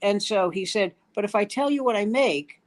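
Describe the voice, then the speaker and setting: A man's voice: high voice, moderate pace. Older male comedian telling a story. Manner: acts out quoted dialogue in the story. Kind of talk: storytelling in casual chat.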